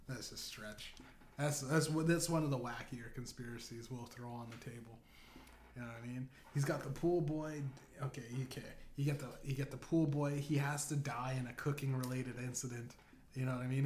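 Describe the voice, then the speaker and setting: A man hosts a comedy podcast with a stand-up style monologue, rambling and swearing as he meanders and laughs at his own jokes. The echoey room adds faint noise, and his mid-range voice has a darkish tone.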